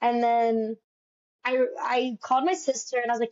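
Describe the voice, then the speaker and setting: A young woman with a fairly high voice tells her story in an animated way, slipping into the voices of the people she quotes. The recording sounds a bit dull and lo-fi. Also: normal speed. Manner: lively storyteller, acts out quoted dialogue. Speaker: guest, stage actress. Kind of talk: storytelling in a casual interview.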